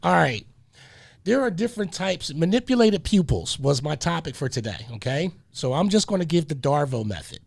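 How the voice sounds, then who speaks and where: A male community radio host with a high, gravelly voice. He talks in a preachy way, repeating phrases and breaking off with hold on, wait a minute. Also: sing-song, normal speed.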